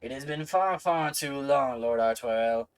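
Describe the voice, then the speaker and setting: A man voicing a stately male knight commander, reading the game dialogue slowly, loudly and formally. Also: smooth, lightly acted, low-quality recording. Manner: formal, slow and booming.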